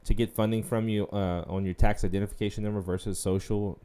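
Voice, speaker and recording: A man's voice: fairly low pitch, fairly even intonation, fast, crowd noise. A man hosting a podcast interview, asking questions and chiming in often to agree with the guest. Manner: affirming, chatty interjections. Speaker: podcast host. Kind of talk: casual interview.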